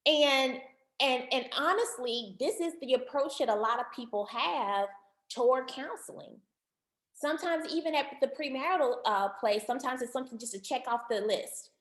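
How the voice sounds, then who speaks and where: Speaking at a normal pace in a high-pitched voice, a female marriage counselor leads an online workshop. She's lively, leans on repeated words to stress her points, and calls her audience family, all captured with a roomy sound.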